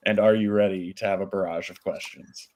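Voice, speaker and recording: A male host with a fairly low voice runs a relaxed online chat. He keeps things upbeat, teasing his guests as he moves through the lineup. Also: fairly quick. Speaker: AMA host.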